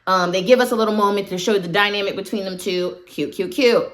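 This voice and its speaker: A woman's voice: mid-range voice, fast. A woman casually recapping a horror film for her channel, talkative and full of opinionated asides. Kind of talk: casual movie recap commentary.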